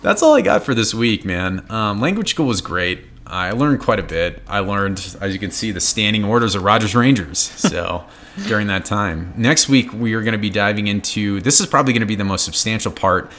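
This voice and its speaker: Lively, laughing man in casual chat. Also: on the low side, moderate pace, a little hiss or hum. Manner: laughing, animated, reads lists with emphasis. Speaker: podcast co-host.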